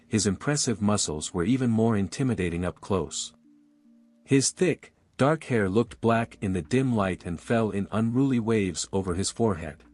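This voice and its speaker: A man narrating a romance audiobook with smooth, even storytelling. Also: lowish voice.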